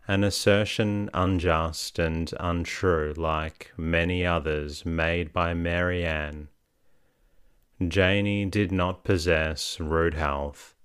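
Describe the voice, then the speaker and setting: A man narrating a bedtime sleep story in a calm, soothing, even reading. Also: low voice, smooth, dry recording, studio quality.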